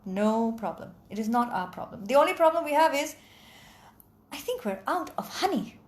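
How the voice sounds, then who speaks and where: Lazy king, breezy and dismissive, lively delivery; woman voicing him. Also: sits high, normal speed, reverberant. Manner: dismissive, offhand.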